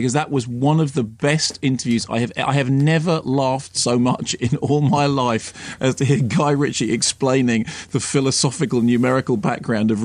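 A man reviewing films on a radio show, opinionated and lively, sometimes mimicking voices. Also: mid-range voice, dry recording. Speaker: film critic. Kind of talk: radio film review chat.

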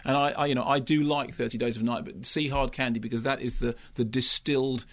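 A man's voice: medium pitch, fairly even intonation, brisk, dry recording. A man, a film critic in a radio studio, talking enthusiastically and digressively about movies. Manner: enthusiastic, digressive, jumps between thoughts. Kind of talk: radio film review chat.

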